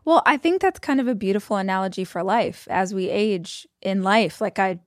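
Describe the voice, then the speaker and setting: A woman's voice: medium pitch, normal speed, dry recording, clean studio sound. A woman in her forties hosting a podcast, asking questions and sharing her own reflections in an encouraging way. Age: 40s. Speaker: podcast host. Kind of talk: conversational interview.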